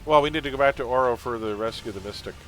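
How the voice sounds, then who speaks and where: A man's voice: mid-range voice, rapid-fire, fairly bright tone. A man chatting casually while live-streaming a game, laughing often and drifting into pop-culture tangents.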